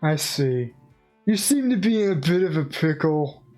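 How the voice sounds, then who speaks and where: A woman's voice: low-pitched, lively intonation, moderate pace, a little mellow, soft background music. A woman voicing a polite, fussy old man professor with a formal, bluntly morbid way of talking.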